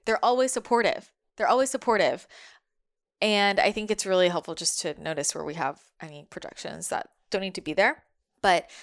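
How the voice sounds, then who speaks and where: A woman's voice: fairly low pitch, smooth. A young adult woman speaking casually as a spiritual medium, chatty and full of fillers, passing on what her spirit guides are telling her.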